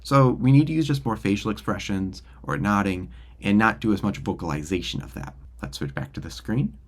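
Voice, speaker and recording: Man, casual explainer, online teaching tutorial, low voice, dry sound. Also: a little fast, no room sound. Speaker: music teacher. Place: home studio with green wall. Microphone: studio microphone.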